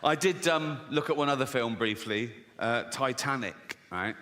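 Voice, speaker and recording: A man's voice: mid-range voice, normal speed, big-room sound, background noise. A man doing a stand-up routine, sardonic and sweary, often breaking into laughter. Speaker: comedian.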